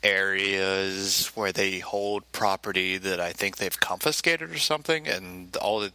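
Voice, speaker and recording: A man's voice: low-pitched, measured pace, bright, forceful tone, clean tone, dry recording. A man co-hosting a podcast, telling a funny personal story in a wry, self-mocking way and slipping into voices for the people in it. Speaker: podcast co-host. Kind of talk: casual comic storytelling.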